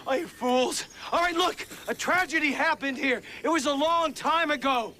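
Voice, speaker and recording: An actor playing a father and landowner who shouts and pleads forcefully. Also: very high voice, normal speed. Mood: pleading. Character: father, landowner, angry then desperate. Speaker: mine owner and father. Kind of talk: film acting. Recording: film audio with clear background noise.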